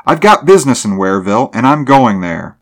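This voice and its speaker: A man's voice: fairly low pitch, sing-song, normal speed. A man voicing a stubborn, hot-headed young man who speaks in a heated, insistent way.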